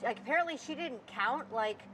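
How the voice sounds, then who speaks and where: A woman with a high voice talks loosely about music and keeps restarting her sentences. She leans on filler words constantly. Faint noise sits under the recording. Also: lively intonation, moderate pace, pushed and bright, rough recording. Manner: rambling, filler-heavy with many "like"s. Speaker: podcast co-host. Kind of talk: casual chat about music.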